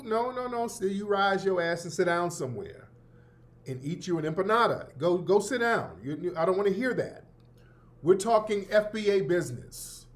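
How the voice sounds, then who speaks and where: High-voiced, brash man hosting talk radio. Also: a bit bright. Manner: brash, sarcastic, slangy, repeats points for emphasis. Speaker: radio show host. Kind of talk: opinionated talk-radio commentary.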